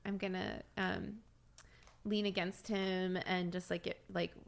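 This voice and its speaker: A woman's voice: lowish voice, flat delivery, unhurried, gravelly, slight background noise. A woman player describing her character's actions in a tabletop game, with many fillers. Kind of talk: casual tabletop role-play.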